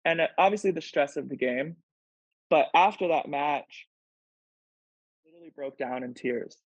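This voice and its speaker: A man's voice: on the high side, moderate pace, dry recording. A man speaking as a podcast guest in casual conversation, earnest and emotional, with frequent "like" fillers. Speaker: podcast guest, pro volleyball player. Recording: dull lo-fi sound.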